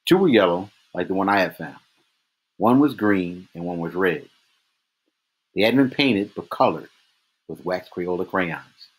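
A man reading a novel aloud in steady first-person narration. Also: deep voice, a little slow, long pauses, slightly rough. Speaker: reader.

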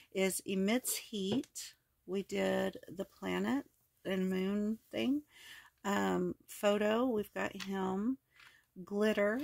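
Hoarse, gravelly-voiced woman crafting. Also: medium pitch. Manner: chatty, rambling, many ums and self-corrections. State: hoarse, voice cracking. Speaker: crafting video host. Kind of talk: casual crafting walkthrough.

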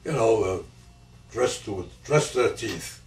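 An 80-year-old man tells his grandchildren about his life at the family home in a casual storytelling interview, rambling and repeating key phrases. His fairly low voice is unhurried with lively intonation. The echoey home camcorder audio has the mic far off and a faint hiss.

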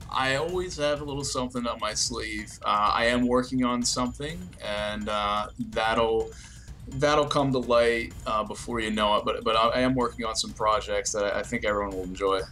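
A man's voice: mid-range voice, normal speed, faint music behind. Rambling young man telling stories. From New Jersey, US. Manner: relaxed storytelling, frequent fillers and restarts. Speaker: interview guest, YouTube creator. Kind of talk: casual interview answers.

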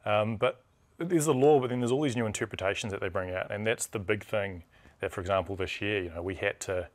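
A man with a New Zealand accent, a rugby referee chatting as a studio guest in a quick, animated way with lots of restarts. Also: fairly low pitch. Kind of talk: casual chat.

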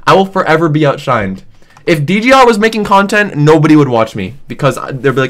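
Animated young man ranting jokingly. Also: a little high, brisk. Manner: animated, exaggerated, jokey, many fillers like "like" and "dude". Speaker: gaming streamer. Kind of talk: casual comedic rant.

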